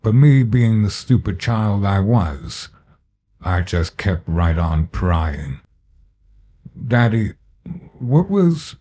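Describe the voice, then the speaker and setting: A man narrating a horror story in a slow, grave storytelling manner. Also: low-pitched, warm tone, breathy edge.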